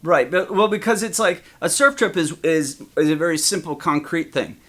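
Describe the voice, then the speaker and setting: A man co-hosting a podcast, with a bright, forceful voice that sits a bit high. He chats casually and animatedly, jumps in to agree, and laughs easily. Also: normal speed. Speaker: podcast co-host.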